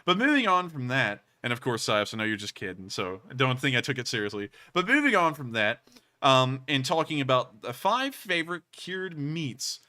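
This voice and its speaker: Lively bright-voiced male stream host. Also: mid-range voice, normal speed. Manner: rambling, lively, frequent fillers and restarts. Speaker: livestream show host. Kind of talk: casual livestream chat answering donations.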